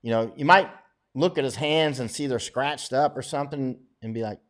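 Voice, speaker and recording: A middle-aged man holds forth in a loose, rambling monologue to his viewers. He is blunt and a little boastful, with an average-pitched voice, and often chuckles at his own remarks. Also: normal speed. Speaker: war correspondent. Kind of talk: casual livestream monologue.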